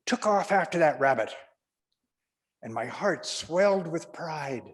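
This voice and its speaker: A man's voice: a little high, animated, unhurried, in a large hall. Man telling a stand-up story. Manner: rambling anecdotal storyteller. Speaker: stand-up comedian.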